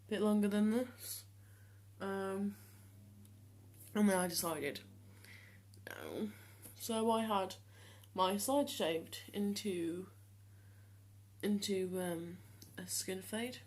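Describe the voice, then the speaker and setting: In a casual vlog, a seventeen-year-old guy talks to the camera, stumbling through lots of ums and restarts. He speaks in a voice he has deliberately trained to sit lower.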